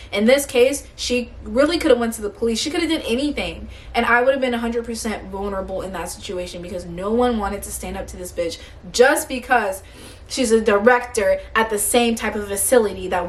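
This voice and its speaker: In a medium-pitched voice, a young woman vlogging recounts a workplace story. Her delivery is a blunt, animated rant full of swearing, and she comes across as worn out and hungry.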